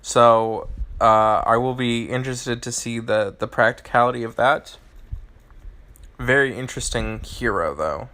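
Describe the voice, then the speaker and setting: Man, game streamer, live chat commentary, bright voice, rambling, restarts phrases. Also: mid-range voice.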